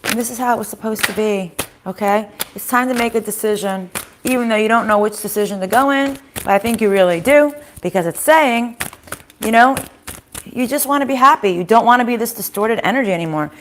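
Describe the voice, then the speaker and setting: A woman's voice: a little high, brisk, a bit bright, slight background noise. A woman giving a casual tarot reading at home, chatting to viewers, voicing their inner thoughts and swearing freely. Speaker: tarot reader. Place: home kitchen in a house.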